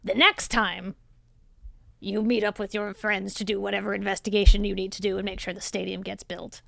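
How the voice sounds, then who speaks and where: A woman voicing a bossy, scheming female boss with a shrill, loud voice in a tabletop game. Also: little pitch movement, a little fast, vocal fry, no echo, clean studio sound.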